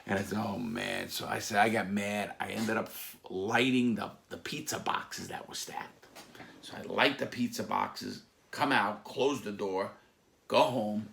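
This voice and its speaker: A man telling stories from his past in a casual, animated way, acting out other people's voices with sudden loud outbursts. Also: on the low side, unhurried, creaky, a little hiss or hum. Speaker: former mob associate telling stories. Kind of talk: casual storytelling.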